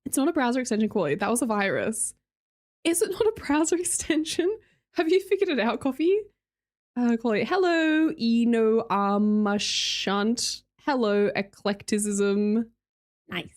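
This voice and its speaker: Brief: young Australian woman, lively up-and-down voice, a bit high, chatty streamer who laughs a lot. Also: unhurried. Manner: chatty, laughs often, reads chat aloud. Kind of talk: casual chat with live chat readers.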